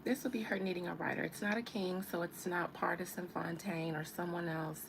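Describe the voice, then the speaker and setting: A woman's voice: lowish voice, fairly even intonation, brisk, creaky, background noise. A woman giving a casual live-stream reading, chatting and teasing as she answers viewer comments. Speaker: tarot reader on a live stream.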